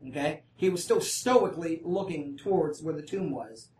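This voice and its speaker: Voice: medium pitch, animated, moderate pace, a little mellow, slight background noise. A Bible study teacher who reads scripture aloud, then breaks off to explain in a casual way and keeps checking in with the group. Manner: often checks in with listeners. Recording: roomy, distant mic.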